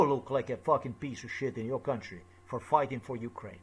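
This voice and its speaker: A vlogger with a husky, medium-pitched voice delivers an angry personal monologue at a moderate pace, his tone steady and his pauses few. He rants in an agitated, profane way, swearing often and repeating himself.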